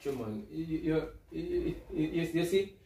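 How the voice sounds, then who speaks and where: A man's voice: on the high side, a little slow, warm tone, a little hiss or hum. A man with a Jamaican accent lecturing his partner in a casual argument, repeating himself insistently. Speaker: vlogger husband. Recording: echoey room, mic far off.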